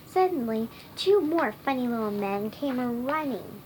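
Female storybook reader, high voice, slow halting delivery with frequent restarts. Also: lively intonation, darkish tone, slight background noise, low-quality recording. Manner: halting, stumbling reading with many restarts and self-corrections. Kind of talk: reading a children's storybook aloud.

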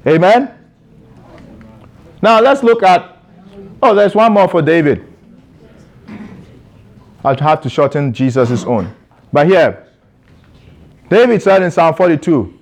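A man's voice: fairly high pitch, sing-song, slow pace, long pauses. A man preaching a sermon to a congregation in a church, asking rhetorical questions and calling for responses.

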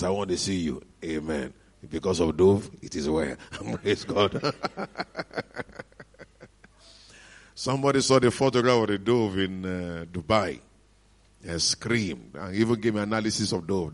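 A middle-aged man with a Nigerian accent, preaching and telling a testimony in an animated, joyful manner. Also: low voice, slightly rough. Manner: animated storytelling with frequent laughs and hallelujahs. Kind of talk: sermon testimony.

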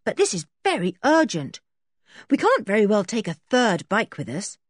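A woman voicing an excitable young boy who exclaims eagerly in a storybook reading. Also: medium pitch, moderate pace, no echo, studio quality, pitched above the performer's own voice.

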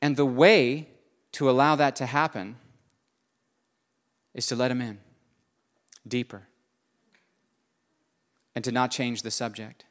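A man preaching a sermon, earnest, moving between soft and emphatic delivery. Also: medium pitch, flat delivery, slow pace, pauses often.

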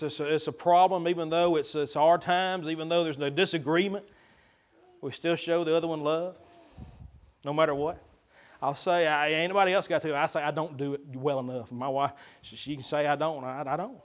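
A young man preaching a folksy sermon, swinging between loud preaching and quiet asides. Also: fairly high pitch. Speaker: pastor.

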